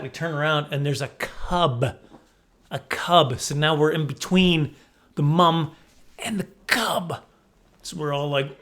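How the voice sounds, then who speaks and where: A man's voice: mid-range voice, a bit bright. A man in his forties telling a rambling, self-correcting story to camera, laughing often. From Canada. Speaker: comedian vlogger.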